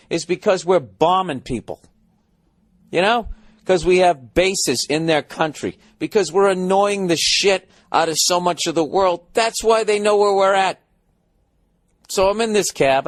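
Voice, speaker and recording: American podcast host, sarcastic and foul-mouthed, ranting from a hotel room, dry recording. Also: male voice, a little high, no room sound. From United States. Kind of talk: rambling comedic monologue.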